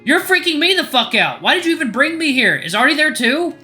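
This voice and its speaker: A man's voice: sing-song, moderate pace, bright, forceful tone, faint music behind, heavily acted. A man voicing a frantic, terrified young coyote. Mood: panicked. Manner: high, strained and frantic. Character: frightened young male coyote, panicking.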